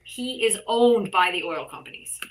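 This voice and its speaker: A woman's voice: medium pitch, lively intonation, normal speed, slight background noise, rough recording. A middle-aged woman talking in a casual interview, blunt, profane and heated as she argues her views. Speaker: artist and activist guest.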